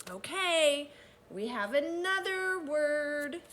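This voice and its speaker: A young woman teaching children, reading aloud and going over vocabulary words in an animated, encouraging, sing-song voice. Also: high-pitched, slow, a little hiss or hum.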